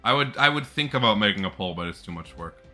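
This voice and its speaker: A man's voice: lowish voice, lively intonation, fast, bright, forceful tone, faint music behind. A young man chatting casually on a live stream, rambling and laughing often.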